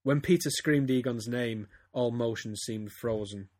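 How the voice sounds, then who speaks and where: A man's voice: medium pitch, a little slow, darkish tone, no room sound, studio quality. A man, a podcast host giving a theatrical comic reading of a story. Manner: reads theatrically, breaks into laughter. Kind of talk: comedic dramatic reading.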